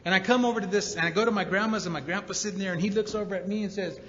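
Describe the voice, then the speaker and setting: A man's voice: sits high, rapid-fire, pushed and bright. A man giving a personal recovery testimony at a convention, telling his story with emotional emphasis. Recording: roomy hall reverb, dull sound.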